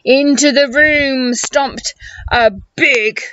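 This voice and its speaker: A teacher reading a picture book aloud to children in an animated way, gasping and asking questions. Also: female voice, high voice, very slow, dry recording. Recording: muffled recording with hiss.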